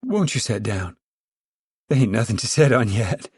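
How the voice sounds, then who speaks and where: A man's voice: medium pitch, very animated, moderate pace, darkish tone, slightly rough, no room sound, studio quality. A man reading aloud and voicing a stern, weary mother of a poor farm family, scolding in a rural drawl. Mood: flustered polite.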